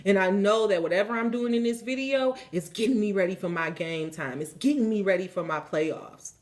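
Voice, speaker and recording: A woman hosts a spiritual card-reading vlog from a chair indoors, her voice sitting at a middle pitch. She talks in excitable bursts, swearing and laughing often. When she reads card messages and affirmations aloud, she turns slow and solemn. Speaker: card reader and channel host. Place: seated indoors.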